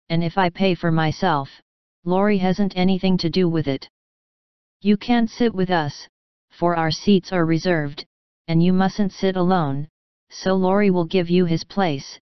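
A woman's voice: fairly low pitch, unhurried, smooth, no room sound, highs cut off, natural voice. A woman voicing a spoiled, pleading youngest sister in a storybook reading, coaxing and whining. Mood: defiant.

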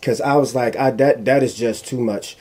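A man giving casual commentary, telling a personal story in an animated, emphatic way that repeats phrases for emphasis. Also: mid-range voice, normal speed. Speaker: commentary vlogger.

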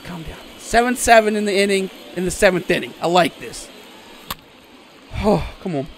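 A young man giving loud, swearing play-by-play reactions to a baseball video game, swinging from groans to shouts. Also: sits high, expressive, moderate pace, a little hiss or hum. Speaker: gaming YouTuber. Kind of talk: live gameplay reaction commentary.

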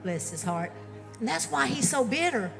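A woman's voice: high voice, very animated, normal speed, creaky, exaggerated voice. A woman playing a motherly, folksy diner woman in a church stage drama, doting on everyone. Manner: folksy, doting, calls people honey and darling. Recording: reverberant hall with faint music.

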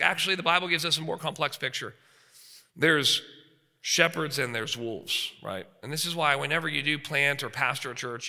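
A man's voice: mid-range voice, gravelly, bright, forceful tone. A man in his forties preaching an emphatic sermon, often checking in with his listeners. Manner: emphatic, frequent rhetorical checks with the audience. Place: seminary chapel. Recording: reverberant hall.

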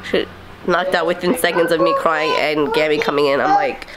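A young woman vlogger telling a story in a casual, animated way, acting out the quotes. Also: deep voice, a little fast, heavy background noise.

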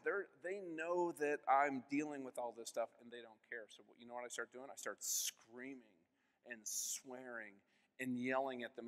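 Middle-aged guy telling his life story on stage, earnest, mid-pitched voice, big echoey hall. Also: fairly bright tone. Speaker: conference speaker. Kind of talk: personal testimony talk. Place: conference hall.

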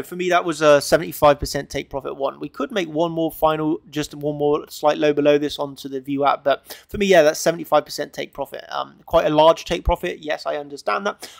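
A man's voice: on the high side, gravelly, no room sound. A man giving screen-share chart analysis as a trader, emphatic and repetitive, tagging points with "okay?".

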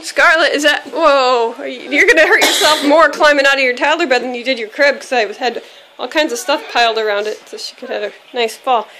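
A woman with a very high voice speaks to her small child in a coaxing, sing-song way, breaking into laughter as she goes. It sounds like a home video shot on a handheld camera in a bedroom. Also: fairly quick, bright, forceful tone, slight background noise. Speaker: mother filming her toddler. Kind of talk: casual home video chat.

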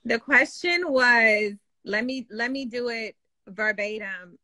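Bright relaxed woman co-host. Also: a little high, slow, no echo. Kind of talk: casual chat.

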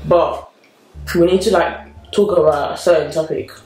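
A woman's voice: low-pitched, fairly even intonation, moderate pace, a little mellow, soft background music. Young woman vlog host, echoey room. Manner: teasing, coaxing, says "like" often. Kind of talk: casual chat.

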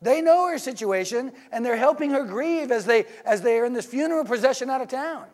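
A man preaching a sermon in church, in a conversational, animated way, often asking his listeners rhetorical questions. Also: very high-pitched, fairly quick.

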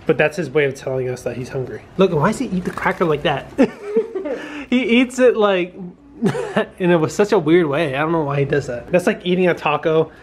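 A man's voice: a little high, normal speed. A man casually vlogging at home with his family, playful and teasing. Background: baby crying, household noise.

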